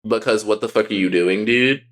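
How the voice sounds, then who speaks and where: A young man co-hosting a podcast, telling a personal story in a candid, profane, animated way. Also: lowish voice, brisk. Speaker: podcast co-host.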